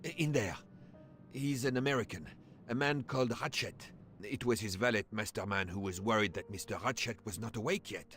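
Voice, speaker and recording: A man's voice: lowish voice, brisk, a bit bright, faint music behind, close to an everyday voice. A man voicing an anxious train director. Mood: urgent. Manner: urgent and pleading. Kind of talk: video game voice acting.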